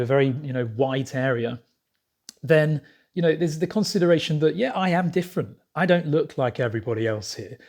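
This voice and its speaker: A man's voice: fairly high pitch, darkish tone. A man talking casually to camera as a vlogger, rambling with frequent fillers and restarts.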